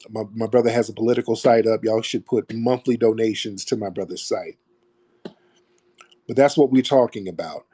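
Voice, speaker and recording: Mellow-voiced man hosting a call-in. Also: mid-range voice, slightly rough. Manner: emphatic, preachy, repeats phrases for stress. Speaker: host of a call-in stream. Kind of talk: opinionated call-in commentary.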